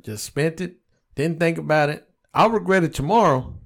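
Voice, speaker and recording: A man's voice: a little high, normal speed, creaky. Profane storytelling man, casual podcast. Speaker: podcast co-host. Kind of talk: casual chat.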